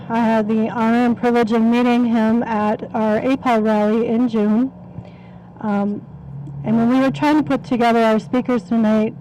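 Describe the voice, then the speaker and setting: Woman host, high flat voice. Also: a little hiss or hum, low-quality recording. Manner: conversational, plain delivery. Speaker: event host. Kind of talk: introducing a speaker.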